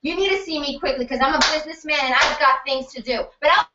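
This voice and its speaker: A woman imitating an impatient, hurried male businessman in a patient anecdote, talking fast and pushy. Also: sits high, noisy background, lightly acted. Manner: rushed, pushy, talks fast. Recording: echoey room, distant mic, muffled.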